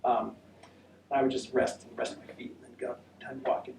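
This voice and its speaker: A man's voice: medium pitch, little pitch movement, normal speed, vocal fry, darkish tone. An American man giving a casual talk about a long walk to an audience at a senior center, chatty and rambling with many fillers. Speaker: presenter of a walking trip talk. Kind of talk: casual presentation with audience questions. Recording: echoey room, voice from a distance, faint noise.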